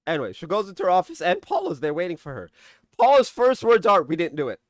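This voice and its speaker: A young man with a slightly high voice gives a loose, rambling episode recap, cussing freely and slipping into sarcastic mock quotes. He sounds close to the mic in a dry, dead room. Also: wildly swooping pitch, fast talker, dry recording. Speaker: TV episode reviewer. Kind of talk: casual recap and commentary.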